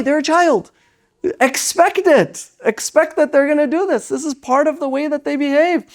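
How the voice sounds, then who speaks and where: A lecturer giving an Islamic parenting lesson. They speak in a lively way, often tag lines with "right?", and briefly act out parents and children. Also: mid-range voice. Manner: animated, tags lines with "right?"; acts out parents and children in quoted voices.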